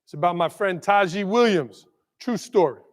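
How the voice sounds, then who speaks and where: A man with a high, bright voice tells a story from the keynote stage, animated and quick to check in with the crowd. His voice rings out with a long reverb tail from a big conference hall. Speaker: keynote speaker, school leader.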